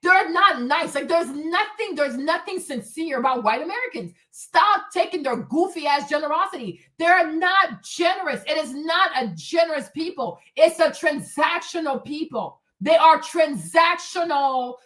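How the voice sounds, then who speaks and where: A woman with a high voice hosts a livestream commentary. She rants hotly and profanely, driving each point home by repeating it. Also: fairly bright tone. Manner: profane, heated, emphatic repetition. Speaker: show host.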